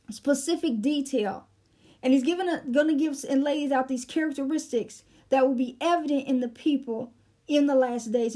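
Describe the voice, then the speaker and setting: Woman Bible teacher, high mellow voice, patient explainer with "um"s between Greek word breakdowns. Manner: explanatory, breaks down Greek words, frequent fillers.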